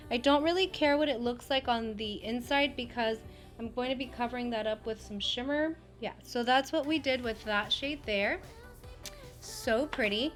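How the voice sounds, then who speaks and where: A woman's voice: a little high, fairly bright tone. Chatty woman gushing over makeup. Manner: chatty, gushing, full of fillers. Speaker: beauty vlogger. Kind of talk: casual makeup tutorial chat.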